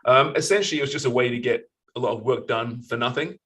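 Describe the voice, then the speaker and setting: A man's voice: medium pitch, quick pace, sharp tone, husky, rough recording. A middle-aged man as a podcast guest in casual interview chat, easygoing, laughing and self-deprecating.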